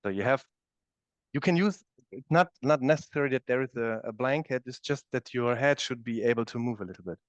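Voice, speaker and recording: A man's voice: medium pitch, lively intonation, brisk, dry recording. A man teaching a live yoga class, demonstrating the moves as he explains them and often checking in with "okay?". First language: German. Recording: dull, dry studio recording.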